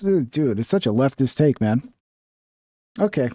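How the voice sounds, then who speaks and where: A man's voice: mid-range voice, animated, measured pace, dark tone, no echo, clean studio sound. A man giving casual reaction commentary on a video, blunt and profane, mocking the views he disagrees with. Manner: blunt and profane, mocks others in whiny voices.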